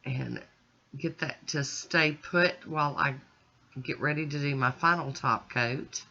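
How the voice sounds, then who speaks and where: Narrating her nail art tutorial, a woman talks through every step in a casual, chatty voice-over. Her voice is deep, bright, forceful, unhurried, and creaky. The audio has a dull, lo-fi quality.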